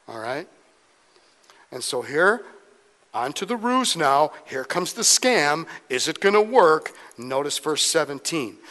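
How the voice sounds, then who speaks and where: A man teaches scripture from the pulpit with a slightly raised, lively pitch. He reads the verses, then breaks into casual, humorous asides. The long reverb of a church hall trails each phrase. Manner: conversational, joking asides between scripture readings. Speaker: pastor. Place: church sanctuary.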